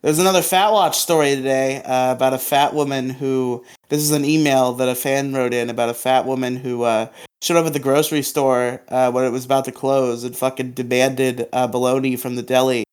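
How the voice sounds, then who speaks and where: A man's voice: mid-range voice, steady tone, fairly quick, clean tone. A man co-hosting a podcast, talking casually with crude language and frequent laughter. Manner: crude, laughs often, swears freely. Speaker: podcast co-host.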